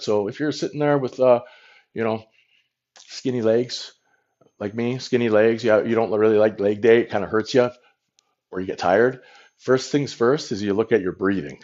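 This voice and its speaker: A man's voice: lowish voice, darkish tone, muffled recording. Man rambling on a phone livestream. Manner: rambling, frank, swears casually. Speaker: livestream host. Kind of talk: casual livestream chat.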